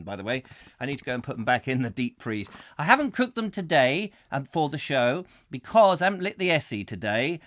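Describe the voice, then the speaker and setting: A man's voice: on the high side, pushed and bright, no echo. A man hosting a comic chat show from a home studio, rambling and jokey with theatrical outbursts. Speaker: host. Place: home studio in a back room.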